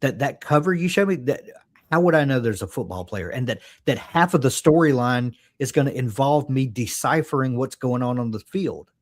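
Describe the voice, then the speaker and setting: A man co-hosting a casual book chat, thinking aloud in a rambling way with many pauses. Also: medium pitch, lively intonation. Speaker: podcast co-host.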